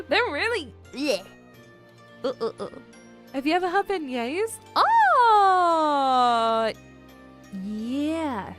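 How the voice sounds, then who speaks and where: Brief: young woman streamer, bubbly, way up high in pitch, swoops all over, giggly and playfully dramatic. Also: fairly bright tone. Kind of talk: casual livestream chat.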